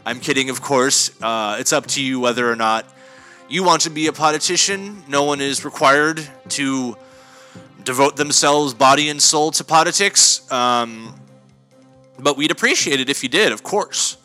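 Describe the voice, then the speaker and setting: A man's voice: mid-range voice, normal speed, sharp tone, faint music behind. Rambling, mock-pompous comic podcast host man. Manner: rambling, hesitant, full of fillers and self-corrections; mock-pompous self-importance. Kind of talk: deadpan comedic monologue.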